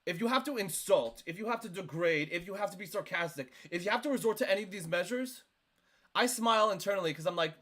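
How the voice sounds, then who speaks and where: Man, high-pitched, swooping lively delivery, emphatic streamer commentary. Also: fast talker. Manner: animated, emphatic, lots of "like". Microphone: desk microphone.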